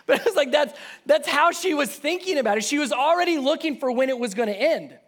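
A man in his thirties, a pastor preaching a sermon in a conversational way. He goes quiet and low on key lines and climbs high and loud when telling a family story. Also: brisk.

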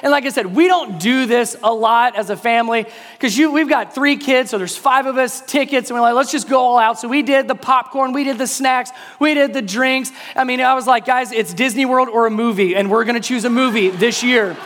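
Man, pastor, 30s, very high voice, animated storytelling, acts out voices, long hall reverb. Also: fairly quick. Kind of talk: sermon illustration, storytelling.

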